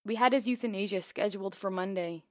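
A woman's voice: mid-range voice, fast talker, dry recording, studio quality, close to an everyday voice. A woman reading the lines of a grieving older dog owner in a quavering voice.

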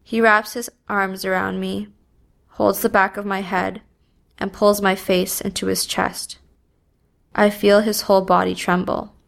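A woman reading a first-person story aloud in a subdued, even manner. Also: mid-range voice, vocal fry. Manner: slow, even, subdued delivery. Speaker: narrator.

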